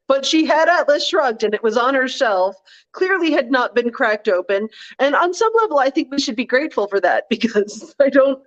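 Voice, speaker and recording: A woman co-hosting a casual live chat, telling stories in a chatty, wry way. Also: a little high. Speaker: co-host. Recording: dull, lo-fi audio.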